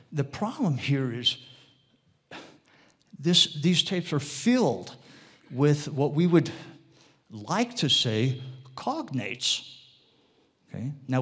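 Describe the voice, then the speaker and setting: A man giving an informal, rambling lecture to a live audience, often checking in with tag questions and wandering off into side topics. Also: medium pitch. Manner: rambling, digressive delivery with restarts.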